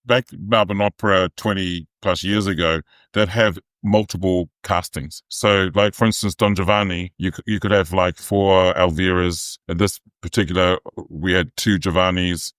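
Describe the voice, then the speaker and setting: Kiwi opera guy, lowish voice, acts out quotes in his stories, dry sound. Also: moderate pace, hardly any pauses, smooth, dry recording. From New Zealand. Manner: lively anecdotes with acted-out quotes. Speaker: guest opera singer. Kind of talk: animated storytelling.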